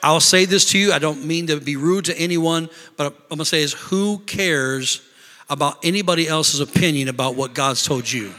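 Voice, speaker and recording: High, bright-voiced man preaching in a hall. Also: normal speed. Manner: preaching with bursts of shouting and mimicked complaining voices. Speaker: pastor. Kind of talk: sermon. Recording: long reverb of a large hall.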